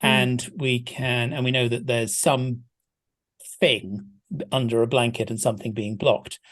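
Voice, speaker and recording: A man's voice: mid-range voice, little pitch movement, a little slow, fairly bright tone. Hesitant, thoughtful man. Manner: thoughtful, hesitant, many restarts. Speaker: film scholar guest. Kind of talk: casual podcast discussion.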